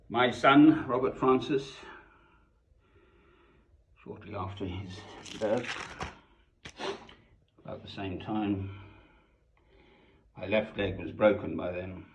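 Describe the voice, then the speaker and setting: An older man from South Africa reminiscing over family photos, musing aloud with frequent chuckles and softly repeated words. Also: lowish voice. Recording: roomy, dull lo-fi recording.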